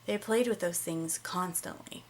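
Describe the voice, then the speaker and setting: A woman's voice: on the low side, measured pace, a little hiss or hum. A woman, a mom vlogger, chatting casually to camera with lots of "um" fillers, a little out of breath. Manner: relaxed and chatty, many "um" fillers.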